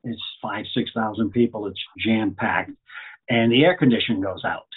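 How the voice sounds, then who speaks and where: A man's voice: fairly low pitch, normal speed, slightly rough. A middle-aged man, a comedian, telling chatty stories about his career in a casual way. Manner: chatty anecdotal storyteller, repeats phrases. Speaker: guest comedian. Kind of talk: casual storytelling. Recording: phone-like narrow audio.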